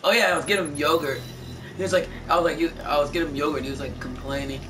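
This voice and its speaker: Man, fairly high voice, rambling gaming chat, distant mic, noisy background. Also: fairly even intonation, very fast. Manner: rambling, stumbling storytelling with many restarts. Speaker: gameplay streamer. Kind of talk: casual chat while gaming.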